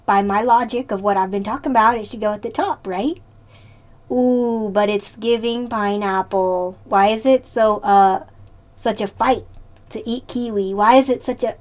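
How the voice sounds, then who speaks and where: A woman live-streaming in casual chat, playful and talkative, answering her chat and laughing often. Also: fairly high pitch.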